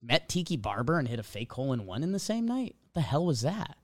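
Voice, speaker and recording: A young man with a medium-pitched voice talks fast, spinning a casual story as a podcast host. He's an animated storyteller who acts out little quotes along the way.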